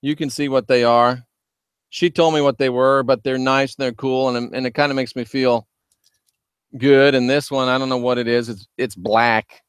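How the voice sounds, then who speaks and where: Man, livestream host, loud and emphatic, smooth clear voice, dry close sound. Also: medium pitch, steady tone, moderate pace, no echo. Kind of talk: livestream talk reading viewer chat.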